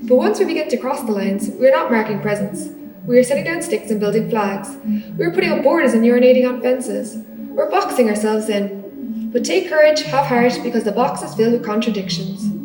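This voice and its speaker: A woman with an Irish accent giving a live spoken-word performance in an art gallery, in a measured, rhythmic, theatrical delivery. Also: fairly high pitch. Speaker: performance artist. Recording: echoey gallery, voice from far off, faint music.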